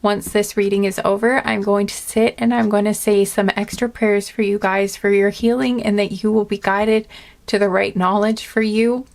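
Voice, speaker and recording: A woman giving a casual spoken tarot reading to her viewers, gentle and earnest, rambling with many fillers and restarts. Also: medium pitch, little pitch movement, normal speed, vocal fry. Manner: earnest and emotional. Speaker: tarot reader.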